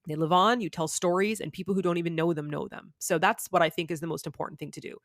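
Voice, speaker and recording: A woman appears as a podcast guest, talking candidly in a chatty, rambling interview packed with fillers. Her fairly low voice is steady and fast, captured in clean studio sound with no echo.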